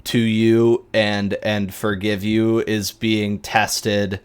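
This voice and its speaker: A man narrating as game master, talking in a relaxed, halting way. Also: on the low side, smooth.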